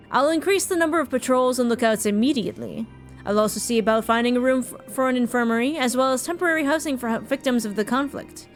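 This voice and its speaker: A woman voicing a formal, steady adventurers' guild leader in a measured reading with small slips. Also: on the high side, close to an everyday voice. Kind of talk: reading game dialogue aloud.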